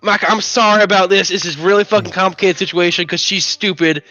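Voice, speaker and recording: A man's voice: high voice, steady tone, fast, sharp tone. A man playing a tabletop game, exasperated and insistent, swearing often. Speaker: player. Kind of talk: in-character tabletop play. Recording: dry, dull stream audio, faint music.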